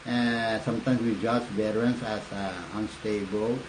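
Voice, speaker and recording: An older man from the Northern Mariana Islands hosting a political livestream, talking in a rambling, halting way with lots of fillers. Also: lowish voice, flat delivery, background noise. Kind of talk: casual livestream talk. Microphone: phone or webcam livestream.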